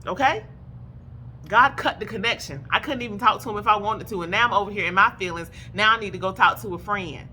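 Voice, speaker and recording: A woman sharing a personal faith testimony and exhorting wives, animated and emphatic, calling her listeners "baby". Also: medium pitch, quick pace, slight background noise. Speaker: faith vlogger addressing wives.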